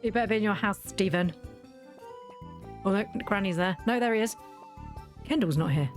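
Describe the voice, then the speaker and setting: A woman's voice: mid-range voice, normal speed, soft background music. A woman giving casual, playful commentary while she plays a video game. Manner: chatty and playful. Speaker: game streamer.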